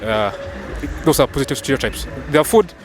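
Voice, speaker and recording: A man answering street interview questions, halting and repeating his words. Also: medium pitch, lively intonation. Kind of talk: street vox pop.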